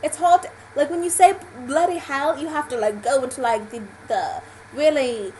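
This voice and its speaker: A woman's voice: high voice, moderate pace, hardly any pauses, a little mellow, a little hiss or hum, poor audio. A young American woman vlogging in a playful, self-mocking put-on British accent. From United States. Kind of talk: casual vlog chat.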